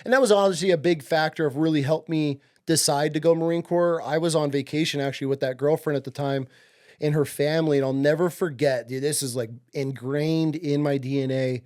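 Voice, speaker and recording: This upstate New York podcast guest, in his forties, speaks a little fast in a somewhat mellow, high-leaning voice with fairly even intonation. He tells casual stories, curses freely and impersonates the people involved.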